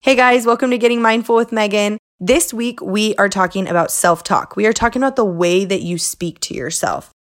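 A woman's voice: mid-range voice, brisk, hardly any pauses. Chatty, earnest woman podcast host. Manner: chatty and earnest, lots of "like" and "right?". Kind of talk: casual solo podcast monologue.

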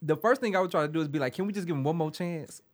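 A man in a casual group chat, quick and slangy. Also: on the high side, a crowd in the background.

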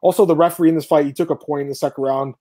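Man, podcast host, fast casual chat, dark mellow tone. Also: a little high, steady tone. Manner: quick, conversational, runs through fight results.

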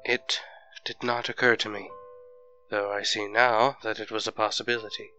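Man doing low bored old-mentor guy, talks down, real flat, audio drama vibe. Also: moderate pace, soft background music, rough recording. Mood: detached. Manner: bored, detached, talking down. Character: ancient aloof male planeswalker mentor, condescending.

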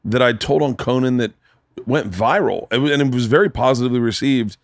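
Profane, animated man hosting a podcast. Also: mid-range voice, a little fast, dry recording, studio quality. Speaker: podcast host. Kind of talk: casual chat. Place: home studio.

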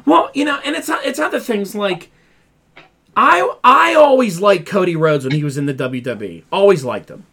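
A man's voice: high voice, animated, normal speed, sharp tone. A man co-hosting a casual wrestling podcast, ranting with exasperation and mimicking fans in quoted voices. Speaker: podcast co-host.

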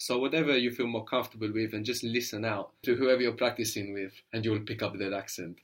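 A man teaching a spoken language lesson, patient and prompting, checking in with short questions. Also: mid-range voice. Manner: patient, prompting, often asks "no?".

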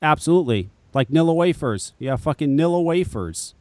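A man's voice: fairly high pitch, animated, normal speed, heavy background noise. A man on a podcast chatting casually and ranting in an exasperated, profane way. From Connecticut, US. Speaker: podcast co-host, vape shop owner.

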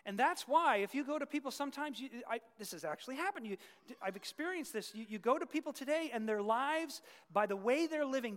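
Emphatic high-voiced male preacher. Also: fairly bright tone. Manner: emphatic, rising to fervent peaks, with asides to the congregation. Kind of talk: sermon. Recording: long reverb of a large hall.

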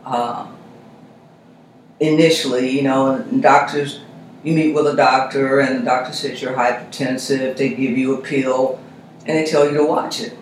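A man's voice: medium pitch, little pitch movement, moderate pace. Man speaking in a very echoey room. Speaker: reverend, guest. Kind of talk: conversational discussion. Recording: very echoey room, faint noise.

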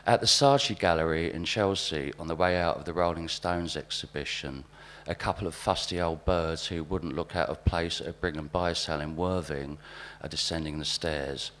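A man reading short prose aloud at a live book event, with a wry, deadpan delivery. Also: rumbling low, normal speed.

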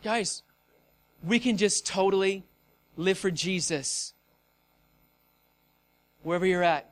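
This man preaches a sermon casually and energetically, speaking directly to his listeners and now and then acting out scenes with shouts. His voice is high-pitched and his pace is slow.

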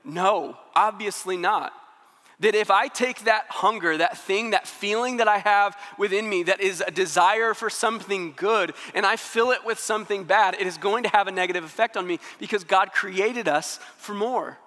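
A man's voice: sits high, normal speed, sharp tone, big-room sound. A man preaching a sermon in an earnest, conversational way, acting out the inner thoughts of his listeners.

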